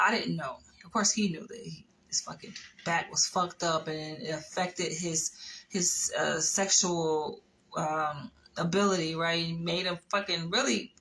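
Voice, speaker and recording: A young woman from Florida talks straight into her vlog, blunt and full of profanity. She tells her stories with animated energy. Her voice has a bright, forward ring. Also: mid-range voice, rough recording. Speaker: vlogger. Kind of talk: casual chat.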